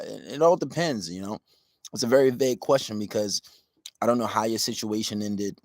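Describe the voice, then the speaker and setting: A man with a fairly low voice talks through listener questions on a casual podcast. His delivery is relaxed and rambling. The sound is dry and close. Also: dry recording. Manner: laid-back, rambling, low-key and unhurried. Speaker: podcast host.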